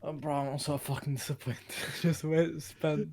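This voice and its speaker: A man's voice: a little high, flat delivery, a little slow, darkish tone, a little hiss or hum. A man on a podcast complaining casually about a long joke, swearing and calling others "bro".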